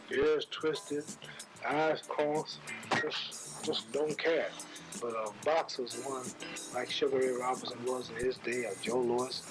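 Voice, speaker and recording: A man in his thirties explaining boxing in a relaxed, confident way in an old interview. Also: medium pitch, rough recording. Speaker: boxer interviewed in archive footage. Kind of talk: archival interview talk. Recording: archival interview with music over it.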